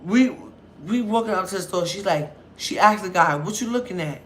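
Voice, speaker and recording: Animated woman telling a bar story. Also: medium pitch, normal speed, slight background noise. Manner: animated, acts out others' voices, profane. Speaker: vlogger. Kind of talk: casual storytelling.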